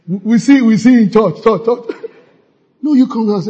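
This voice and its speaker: A man delivers a fervent church sermon, drawing call-and-response from the congregation and bursting into shouts. His voice sits high and comes out husky and breathy. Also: moderate pace, muffled recording. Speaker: pastor.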